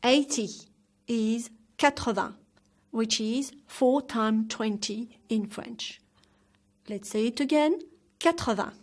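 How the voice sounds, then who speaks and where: Woman language teacher, slow and deliberate, raised voice, over-articulating for learners to repeat. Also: on the high side. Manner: enunciates each word carefully, demonstrating lip shapes. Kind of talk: slow, clear pronunciation lesson.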